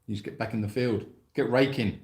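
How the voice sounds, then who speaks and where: A man's voice: mid-range voice, fairly even intonation, fairly quick, a little mellow. A man co-hosting a live animal sanctuary stream, chatting in a silly, playful way. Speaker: sanctuary co-host. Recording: echoey room.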